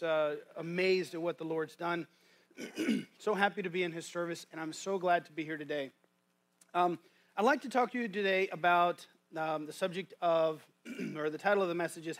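A man's voice: a little high, fairly bright tone. A man giving a guest sermon in a church, in a folksy, conversational way with many restarts. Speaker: guest preacher. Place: church sanctuary.

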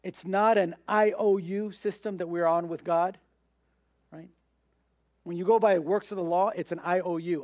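A male pastor delivers an emphatic sermon in a notably high voice. He poses questions and answers them himself, acting out the objections of his listeners. The sound is dry and close. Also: unhurried, long pauses, a little mellow, no room sound.

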